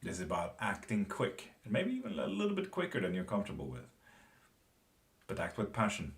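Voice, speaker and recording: A man's voice: lowish voice, huge pitch swings, fairly quick, gravelly. A man giving a casual live-stream tarot reading and chatting with viewers, talking loosely and swearing now and then. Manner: casual, swearing, laughs often. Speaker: tarot reader.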